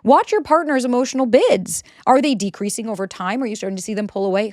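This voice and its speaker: A woman's voice: a little high, expressive, fast, hardly any pauses, darkish tone, dry recording, clean studio sound. A woman in her thirties giving casual relationship advice, blunt and sarcastic, swearing freely. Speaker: relationship coach.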